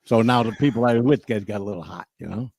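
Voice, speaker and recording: A man's voice: on the low side, quick pace, gravelly, a little mellow, husky, dry recording, studio quality. An older man telling a profane story and acting out both sides of the conversation. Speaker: storytelling guest. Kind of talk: casual storytelling.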